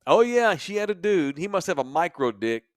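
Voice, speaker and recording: A man's voice: high voice, normal speed, dry recording. Man, crude comedic storytelling, mocking, dry close mic. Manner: profane, animated, mocking. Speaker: podcast co-host. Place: sports bar studio.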